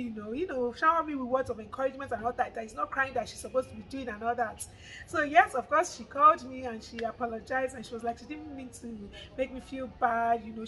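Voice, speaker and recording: A young woman with a fairly high voice tells a personal story to her vlog audience, speaking casually to camera. She animatedly acts out a conversation with her friend, quoting the friend's words in a lively retelling. The recording is rough, with slight background noise.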